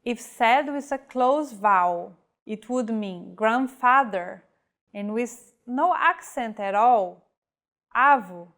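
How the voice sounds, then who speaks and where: Slow, careful woman teaching pronunciation. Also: fairly high pitch, expressive, fairly bright tone. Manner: slow, carefully enunciated example words. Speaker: language teacher. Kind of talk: scripted language lesson.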